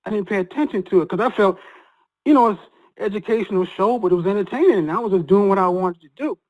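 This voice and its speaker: A man with a high voice, heard through narrow, tinny audio, is a guest sharing a personal story. He comes across as earnest and halting, restarting again and again.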